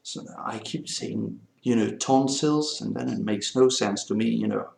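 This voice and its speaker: A Belgian man with a French accent, talking in a loose, rambling vlog chat. His voice sits low and gravelly. The sound rings around an echoey room. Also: measured pace, a little mellow, a little hiss or hum. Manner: rambling, meandering talk. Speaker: vlogger.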